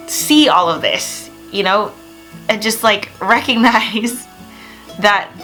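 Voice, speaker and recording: A young woman talking straight to camera in a casual vlog, gushing and excitable, with lots of "like" and "oh my gosh.". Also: medium pitch, low-quality recording. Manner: excitable, gushing, many filler words. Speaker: vlogger.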